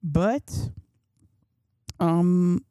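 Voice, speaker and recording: A woman's voice: on the low side, expressive, very slow, warm tone, dry recording, studio quality. A young woman in her twenties hosting a podcast, talking about faith in a chatty, slangy way and thinking aloud. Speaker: podcast host. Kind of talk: casual faith talk.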